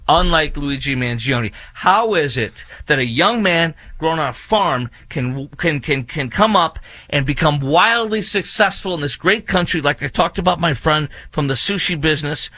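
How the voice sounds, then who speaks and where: A man's voice: fairly high pitch, pushed and bright, no room sound. A man hosting an opinionated commentary monologue, indignant and repetitive, with many fillers and restarts. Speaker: political commentary host.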